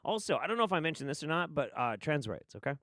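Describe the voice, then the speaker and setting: A man's voice: fairly high pitch, very animated, quick pace, a bit bright, no echo, clean studio sound. A man doing casual livestream commentary on clips, sarcastic and profane. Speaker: streamer reacting to clips. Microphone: studio mic.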